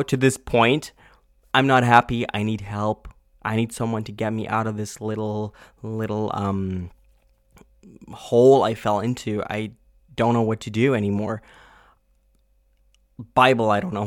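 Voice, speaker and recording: A man's voice: mid-range voice, dry recording. Guy venting to his camera, rambly and sweary, keeps going "you get me", dry close sound. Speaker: vlogger. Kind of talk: casual confessional monologue.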